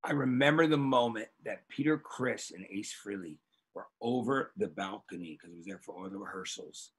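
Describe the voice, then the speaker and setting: A male podcast host telling excitable, rambling anecdotes with plenty of swearing. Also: fairly low pitch, moderate pace, breathy edge. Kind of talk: animated storytelling.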